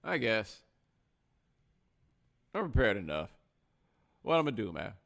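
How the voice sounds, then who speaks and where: A man's voice: lowish voice, a little slow, gravelly. A man hosting a live stream, talking casually in slang and acting out other people's words. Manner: animated, slangy, acts out other people in quotes. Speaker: host.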